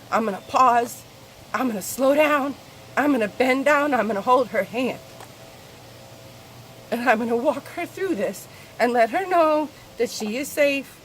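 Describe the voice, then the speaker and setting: A woman talking candidly in a personal spiritual vlog, confessional and swearing freely, her voice swinging between soft and loud. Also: on the high side, slight background noise. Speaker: spiritual vlogger.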